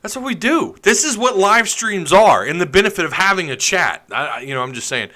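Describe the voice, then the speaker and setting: A man's voice: high-pitched, lively intonation, a little fast, bright, forceful tone. A man hosting a live stream, chatting casually, reading comments and joking sarcastically.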